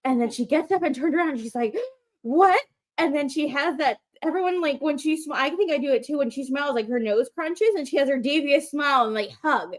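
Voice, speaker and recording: A woman's voice: high-pitched, fast, hardly any pauses. A woman co-hosting a wrestling talk show, gushing and telling stories with lots of fillers. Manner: gushing, animated storytelling with many fillers. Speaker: podcast co-host. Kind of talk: casual chat.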